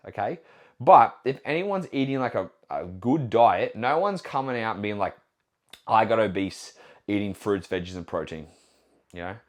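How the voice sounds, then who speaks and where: A man, a nutrition coach hosting a casual solo podcast, blunt and profane, asking himself questions and answering them. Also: mid-range voice. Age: 20s.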